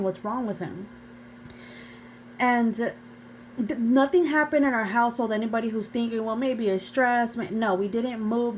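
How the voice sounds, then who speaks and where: A woman's voice: mid-range voice, a little hiss or hum, poor audio. A young woman vlogger earnestly telling an emotional personal story to her viewers, often calling them "you guys". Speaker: faith vlogger.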